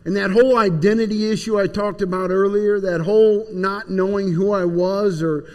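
A man's voice: high voice, fairly even intonation, moderate pace, darkish tone. A man plainly and earnestly telling his personal testimony. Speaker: speaker giving personal testimony. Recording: long hall reverb.

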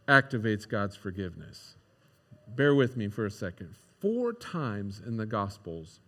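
A male pastor delivering a casual, animated sermon and acting out the voices in a parable. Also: on the high side. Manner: conversational, animated, acts out quoted voices. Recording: long hall reverb.

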